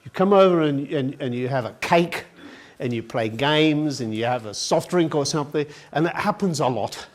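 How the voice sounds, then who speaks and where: A man's voice: fairly high pitch, animated, moderate pace. A man giving an educational talk to an audience in a conference hall, telling family stories and acting out the dialogue. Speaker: education presenter.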